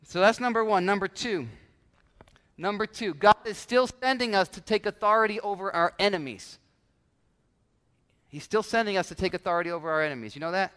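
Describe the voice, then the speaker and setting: A male pastor preaching a sermon with animated delivery, now and then acting out everyday voices to make his point. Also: high voice, a little fast, smooth. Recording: long church hall reverb.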